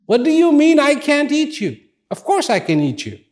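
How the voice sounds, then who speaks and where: Man playing a scornful bullying lion, storytelling fable, high and swooping voice. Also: wildly swooping pitch, normal speed, exaggerated voice. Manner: blustering, scornful. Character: boastful huge lion, bullying then fearful.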